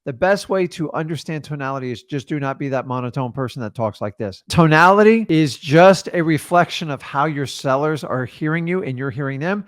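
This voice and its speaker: A young man teaching real estate wholesaling in an energetic coaching monologue. His voice sits fairly high for a man and is recorded dry and close. He plays with emphasis and speed, pushing points hard and pulling back on softer ones. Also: a little fast, few pauses, no room sound. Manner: shifts emphasis and pace to demonstrate tonality.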